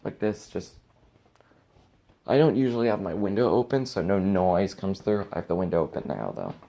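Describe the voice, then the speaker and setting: Young guy ranting and cussing into his cam from his bedroom, lowish voice. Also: lively intonation, normal speed, creaky, warm tone. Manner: exasperated ranting, swearing. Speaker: vlogger. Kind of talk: casual ranting vlog.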